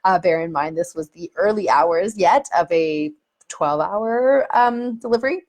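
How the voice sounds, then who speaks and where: A woman's voice: fairly low pitch, lively intonation, measured pace, darkish tone. Candid woman telling a personal story. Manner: candid, laughs often, acts out remembered moments. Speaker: vlogger.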